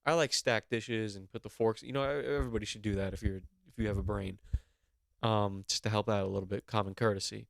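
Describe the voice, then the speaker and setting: A man's voice: on the low side, fairly even intonation, fairly quick, creaky, no room sound, clean studio sound. A young man co-hosting a comedy podcast, giving brash, profane, mock-serious instructions. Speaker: podcast co-host.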